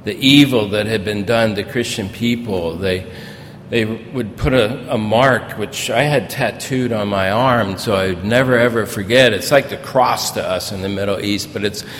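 An older man preaching as a pastor, telling personal stories in a folksy, storytelling way that grows animated in places. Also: moderate pace. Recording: reverberant hall with faint rumble.

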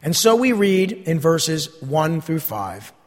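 A man's voice: a little high, sing-song, takes it slowly, big-room sound. A man preaching a sermon, reading scripture aloud and asking his listeners "Amen?". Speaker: pastor.

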